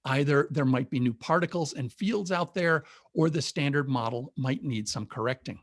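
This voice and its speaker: A man's voice: a little high, lively intonation, moderate pace, dry recording, clean studio sound. A man presenting an informal public science talk on a video call, explaining things methodically with enthusiasm. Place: home or office on a webinar. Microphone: video call mic.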